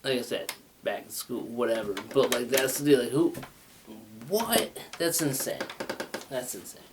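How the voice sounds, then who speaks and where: A man's voice: mid-range voice, expressive, normal speed, noisy background. A man hosting his own talk show, rambling through a loose monologue with swearing, laughs and a slight stutter. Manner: rambling, laid-back, swears and laughs often; says he has a stutter.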